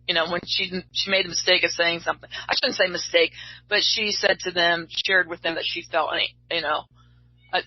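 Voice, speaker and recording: A woman's voice: on the low side, husky, no room sound. A middle-aged woman, a tarot reader, chatting casually and telling rambling stories. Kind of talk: casual chat. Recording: dull lo-fi sound.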